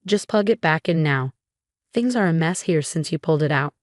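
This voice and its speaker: A snappish, bossy mother-in-law grumbles and gives orders as a woman narrator reads her part. The voice sits a little low and sounds dry and close. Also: lively intonation, moderate pace, dry recording. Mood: grumbling. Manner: snappish, complaining.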